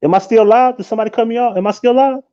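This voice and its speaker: A man hosting a live stream, ranting loudly and mockingly with a lot of swearing. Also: very high voice, racing, smooth, lo-fi sound. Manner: profane, loud and mocking. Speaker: livestream host. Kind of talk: casual live-stream rant.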